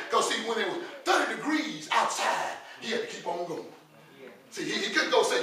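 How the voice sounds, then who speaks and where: High-voiced middle-aged pastor preaching. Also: male voice, lively intonation, fairly quick. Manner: repeats words in stammering restarts, building to shouted peaks. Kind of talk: preaching a sermon. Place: church sanctuary with congregation. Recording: very echoey church from far off, congregation audible.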